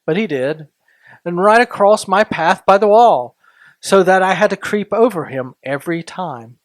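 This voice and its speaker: A man hosting a story podcast, reading a classic tale aloud in a deliberate, sometimes hushed way. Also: high-pitched, animated, no echo. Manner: slow, deliberate, softening into hushed tones. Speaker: story reader and podcast host.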